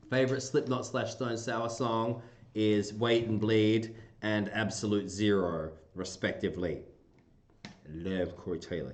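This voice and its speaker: A man hosting a casual livestream, chatting playfully with viewers and breaking into goofy squeaky bursts. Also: slight background noise. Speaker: livestream host. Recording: roomy echoey room.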